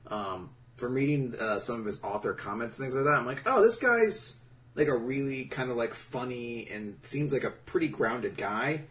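A man's voice: medium pitch, normal speed, hardly any pauses, a bit bright. Rambling man on a podcast, slightly distant mic. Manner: rambling, many fillers and restarts. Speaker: podcast co-host. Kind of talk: casual podcast chat. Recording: voice a bit far from the mic.

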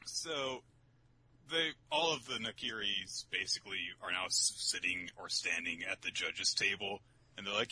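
Animated man recapping manga, bright tone. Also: normal speed, slight background noise. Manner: animated, swears often, jumps into high mocking voices for characters. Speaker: podcast co-host recapping manga chapters. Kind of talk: casual chat.

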